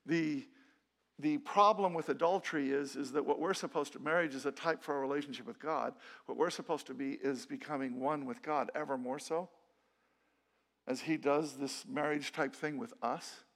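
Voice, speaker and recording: A man's voice: on the high side, fairly even intonation, normal speed, fairly bright tone. A middle-aged man preaching a sermon in a church, earnest and conversational, often restarting his sentences. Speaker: pastor. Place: church sanctuary.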